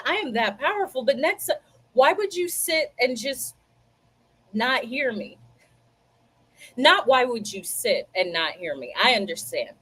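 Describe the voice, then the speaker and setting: A woman hosts a livestream and chats with her viewers in a casual, lively storytelling way. Her voice sits a little higher than most women's. She takes her time, talking at an unhurried pace. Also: husky. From United States. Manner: chatty, animated storytelling, talks to viewers directly. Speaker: livestream host. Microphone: computer mic, livestream.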